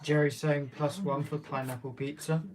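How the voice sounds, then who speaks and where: A British man co-hosting a home live stream, reading chat messages aloud in a dry, low-key way. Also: flat delivery, normal speed. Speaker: co-host reading chat comments. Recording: home live-stream audio with clear hiss.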